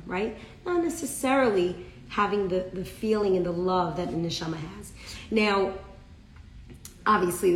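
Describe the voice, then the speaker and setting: A woman's voice: mid-range voice, roomy sound, poor audio. A woman teaching a live-streamed class, telling a story with animation and acting out the characters' lines. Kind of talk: live-streamed class, reading viewer comments.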